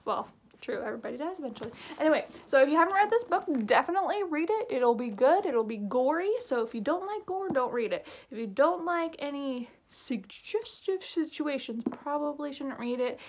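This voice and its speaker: High-voiced woman for a casual book vlog; rambling, gushing delivery. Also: lively intonation, normal speed, few pauses, slight background noise. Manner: gushing, chatty, full of fillers and "oh my gosh". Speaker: book reviewer.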